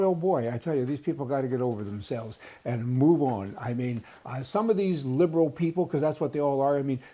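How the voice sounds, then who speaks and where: A man's voice: mid-range voice, dark tone. Indignant ranting man. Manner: indignant, emphatic ranting with repeated words. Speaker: host of advocacy newsletter show. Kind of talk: opinion monologue.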